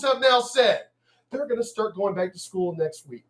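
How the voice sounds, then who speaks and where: High-voiced man in a profane rant. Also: lively intonation, normal speed. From El Paso, Texas. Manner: angry, profane, mocking, emphatic. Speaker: vlogger ranting on news.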